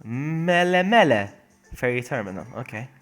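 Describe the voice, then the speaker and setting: A man's voice: mid-range voice, lively intonation, moderate pace, faint music behind. A young man casually commentating a video game stream on a phone, chatty and jokey, laughing often and reading game text aloud. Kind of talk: casual let's-play commentary.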